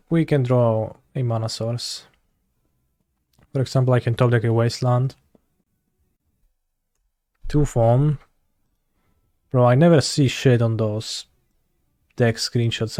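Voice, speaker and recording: A Polish-accented man streams a card game, muttering dry, sarcastic remarks and the odd curse. His voice is mellow and dark, close and dry with no room around it. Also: mid-range voice, no echo. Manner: sarcastic, muttering, swears when frustrated. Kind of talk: casual gameplay commentary.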